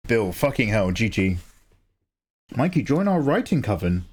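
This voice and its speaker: Animated man chatting on a livestream. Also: lowish voice, normal speed, slightly rough. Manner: excitable, swears freely, reads chat aloud. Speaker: live-streaming artist. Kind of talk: casual livestream chat.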